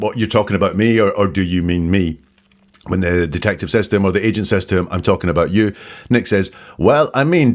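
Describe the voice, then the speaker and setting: A man hosting a commentary, methodically breaking down the words of an interrogation. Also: on the low side. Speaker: host and analyst. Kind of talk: analytical commentary.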